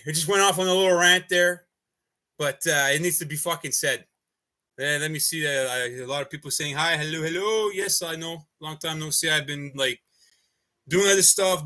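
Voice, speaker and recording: A man's voice: fairly high pitch, sharp tone. Heated, profane man ranting. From Canada. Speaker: activist livestreamer. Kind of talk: livestream rant.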